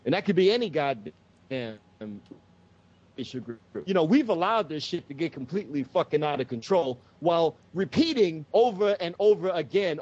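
A man's voice: on the high side, normal speed, darkish tone. Heated, profane man ranting, lo-fi sound. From United States. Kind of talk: political rant on a talk show. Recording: dull lo-fi sound.

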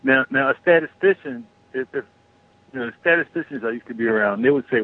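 Husky man ranting down a phone line. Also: mid-range voice, fast. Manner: rambling, profane, restarts often. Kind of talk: casual opinionated talk-radio rant.

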